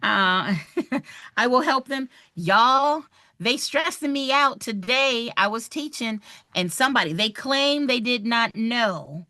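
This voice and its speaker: A woman, running a live online review for a real estate exam, chatty and animated as she talks straight to her viewers. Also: on the high side, takes it slowly, no echo, clean studio sound.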